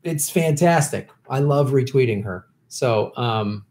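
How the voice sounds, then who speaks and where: A man's voice: medium pitch, expressive, a little slow, a little mellow. A man hosting a casual live stream, reading viewer questions and answering in an opinionated, heated way with many restarts.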